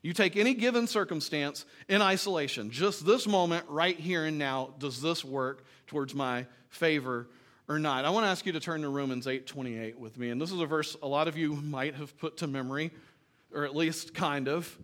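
A pastor delivers his sermon in an easygoing, talk-to-you way, his voice sitting a little higher than most men's. He pushes up loud on his questions and then sinks low and quiet as he tells a story. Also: moderate pace. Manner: conversational preaching, rising loud for emphasis and dropping soft in story lines. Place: church.

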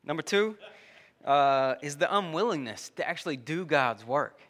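Man, bright voice, chatty preacher working through a personal story. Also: on the high side, expressive, moderate pace. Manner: conversational, uses dude and y'all, many restarts.

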